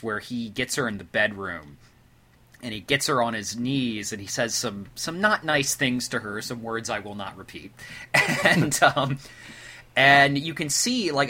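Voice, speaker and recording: A man's voice: medium pitch, pushed and bright. A man co-hosting a podcast, talking casually about an old film with many restarts and fillers. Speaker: podcast co-host. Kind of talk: casual movie discussion.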